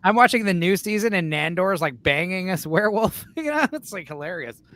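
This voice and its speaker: A man talking in a casual podcast chat, excitable and profane, acting out scenes with growls and shouts. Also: high voice, fairly quick. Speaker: podcast co-host.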